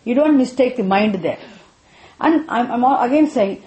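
Female teacher, drills points with questions, bright-ish pitch, reverberant room. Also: expressive, unhurried, muffled recording. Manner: repetitive, checks students with frequent questions. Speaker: spiritual teacher. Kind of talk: interactive scripture class. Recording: echoey room.

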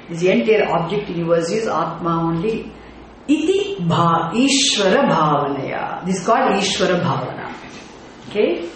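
A teacher giving a scripture class, explaining terms deliberately, checking in with the class through rhetorical questions and now and then chanting words in a sing-song way. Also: medium pitch, a little hiss or hum. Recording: very echoey room with faint ambience.

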